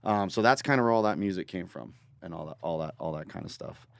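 A man from Northern Ontario, a guest musician telling a rambling, animated story in a casual studio interview. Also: sits low, quick pace, gravelly, no echo. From Northern Ontario, Canada. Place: recording studio.

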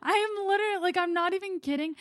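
High-voiced chatty young woman. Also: fast talker, dry recording, studio quality. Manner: chatty, rambling, giggly. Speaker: podcast co-host. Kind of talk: casual podcast chat.

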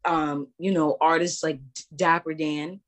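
A woman with a notably low voice hosts a podcast interview. She asks her questions in a relaxed, measured way, pausing on small fillers. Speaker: podcast host.

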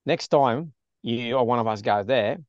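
A man's voice: mid-range voice, moderate pace, no echo. An Australian man co-hosting a casual whisky podcast, playful and jokey. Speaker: podcast co-host. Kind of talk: casual chat over whisky. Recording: dull, dry sound.

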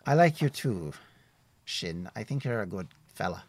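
A man's voice: on the low side, sing-song, moderate pace, dry recording. A man doing a chatty, folksy woodsman. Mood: friendly. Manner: folksy and talkative, raised and brighter than his narration. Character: friendly, chatty male woodsman guide.

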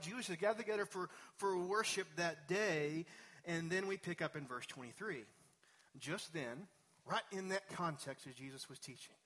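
A man delivers a sermon to his congregation in a church sanctuary. He preaches in a relaxed, conversational way, drifting into personal asides. His voice sits a little on the high side for a man. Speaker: pastor.

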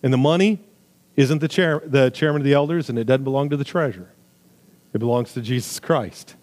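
A man preaching a sermon with emphatic, swinging delivery, loud high stresses falling to quiet low asides, with jokey remarks. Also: a little fast. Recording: long hall reverb.

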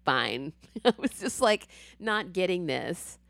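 A woman with a slightly low voice recaps a TV episode in excited casual chat. She swears freely and acts out the characters as she goes. The sound is close and dry. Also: slow pace, vocal fry, dry recording.

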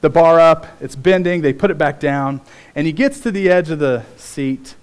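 A man preaching a sermon as pastor, telling stories in an animated way with big swings in pitch. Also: normal speed, clear, resonant tone.

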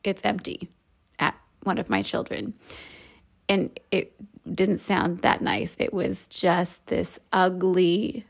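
A woman in her thirties, a podcast host, telling a candid personal story for a devotional show, reflective, with soft laughs. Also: lowish voice, level tone, takes it slowly, vocal fry.

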